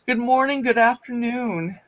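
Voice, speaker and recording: A woman's voice: on the high side, a little slow. A woman hosting a live jewelry auction stream, chatting casually, greeting viewers and laughing often.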